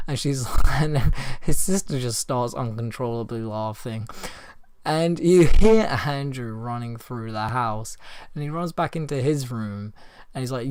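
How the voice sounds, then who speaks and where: A man with a hoarse voice from a cold, telling a story to his viewers in a casual, rambling way with lots of fillers. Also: mid-range voice, moderate pace, a little mellow, no room sound. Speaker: vlogger.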